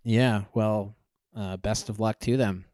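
A man's voice: on the low side, steady tone, takes it slowly, warm tone, clean tone, no echo. A man co-hosting a news podcast, giving wry remarks and updates with dry jokes and frequent fillers. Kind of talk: casual political commentary.

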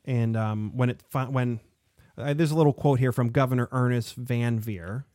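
A man hosting a casual history podcast, talking in an animated, rambling way with lots of fillers. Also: medium pitch, normal speed, dry recording, studio quality. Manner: animated, digressive, frequent fillers. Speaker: podcast host.

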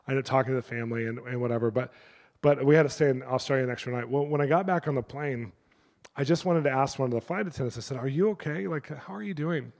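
A middle-aged male pastor preaching a sermon through lively personal stories, acting out the people in them. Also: mid-range voice, very fast, in a large hall. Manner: animated, acts out the people in his stories. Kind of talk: sermon storytelling.

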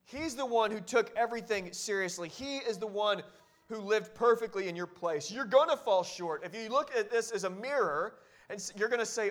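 A male pastor preaching a sermon in an earnest, exhorting way, often dropping to a near hush for emphasis. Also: sits high, expressive, normal speed. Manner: earnest and exhorting, with sudden quiet drops.

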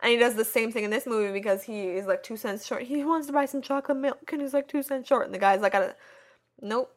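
A woman in casual conversation, rambling through movie scenes with lots of "like" and quick retellings. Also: on the high side. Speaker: co-host of a movie discussion. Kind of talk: casual chat.

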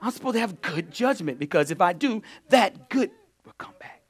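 A male pastor preaching a sermon in a call-and-response style, loud bursts one moment and low asides the next. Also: animated, normal speed, noisy background.

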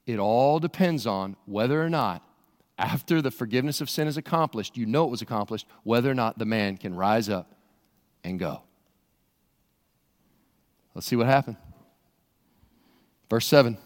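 A pastor preaching an expressive, dramatic sermon full of rhetorical questions in a church. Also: male voice, medium pitch, moderate pace, pauses often. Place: church sanctuary. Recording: long church reverb.

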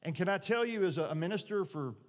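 A man in his forties preaching a sermon as a pastor, folksy and animated, with homespun jokes. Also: high-pitched, fast talker. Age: 40s. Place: church sanctuary. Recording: long church-hall reverb.

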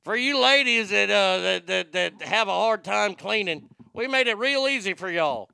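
A man voicing an eager country salesman who stammers through a drawling pitch. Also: animated, normal speed, creaky, sharp tone, clean tone, dry recording, exaggerated voice. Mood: folksy.

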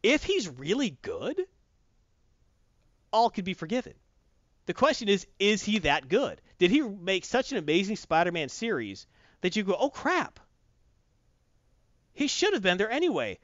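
A man's voice: high-pitched, sing-song, normal speed, a bit bright, no room sound. A man giving a blunt, profane, mocking review of a comic book in casual chat. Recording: dull dry close-mic sound.

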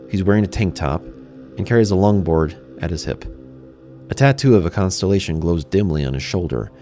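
A man's voice: low voice, dark tone. A man narrating a first-person fantasy story in a conversational way, speaking to the listener directly.

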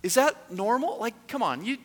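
A man preaching a sermon as a pastor, in a conversational storytelling manner that turns lively and self-mocking. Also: very high voice, normal speed, noisy background. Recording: echoey hall.

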